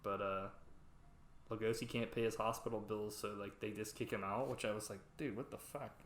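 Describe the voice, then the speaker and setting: A man's voice: on the low side, level tone, fairly quick, a bit bright, slight background noise. A man hosting a podcast, casually recapping a movie in a rambling way with lots of "like" and swearing. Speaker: podcast host. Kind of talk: casual film recap chat. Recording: roomy echo.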